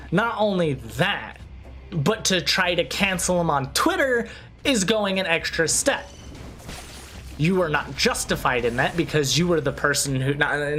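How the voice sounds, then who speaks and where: A man streaming a video game, ranting in a loose, animated way, swearing freely and often restarting his sentences. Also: on the high side, a little hiss or hum. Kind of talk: casual livestream chat over gameplay.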